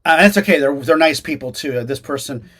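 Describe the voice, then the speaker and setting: On a video call, a brisk man with a voice on the high side answers interview questions casually. As an actor and acting teacher, he talks animatedly, often restarting and using fillers.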